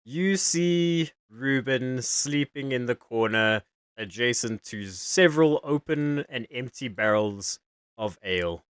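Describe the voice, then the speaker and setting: A man's voice: mid-range voice, expressive, slow pace, fairly bright tone, clear, resonant tone, no room sound, clean studio sound. A young man running a tabletop game as game master, laid-back and chuckling, with fillers.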